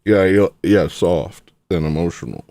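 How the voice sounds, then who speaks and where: A man with a low voice hosts a livestream. He talks in a loose, rambling, sarcastic way and brushes off his critics. His voice sounds dry and close. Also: animated, unhurried, vocal fry, dark tone, no echo. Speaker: livestream host. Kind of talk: casual livestream rant.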